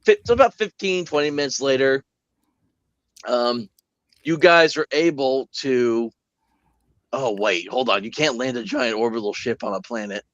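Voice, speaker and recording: A man's voice: medium pitch, moderate pace, long pauses, fairly bright tone, no room sound. A man running a tabletop role-playing game, rambling and laughing often, on a dull lo-fi recording. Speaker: game master. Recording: dull lo-fi dry sound.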